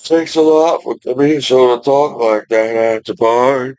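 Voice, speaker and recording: Slow, rambling forty-year-old man. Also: mid-range voice, clear, resonant tone, no room sound, low-quality recording. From United States. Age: 40s. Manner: slow, meandering, with many "you know" fillers and sudden loud outbursts. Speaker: vlogger. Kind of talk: rambling monologue to camera.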